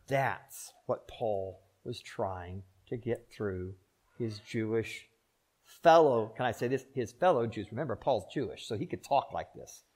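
An older man preaches from the pulpit in a lowish voice. He swings between loud, emphatic declarations and quiet, pleading asides, stretching words out with long pauses. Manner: preaching with swings from loud emphatic peaks to soft low pleas, slow drawn-out pauses. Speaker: pastor. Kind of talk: sermon.

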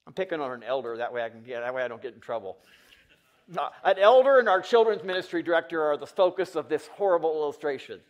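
An expressive male pastor talks fast through his sermon, swinging from quiet and low to loud and urgent. He puts his questions squarely to the congregation.

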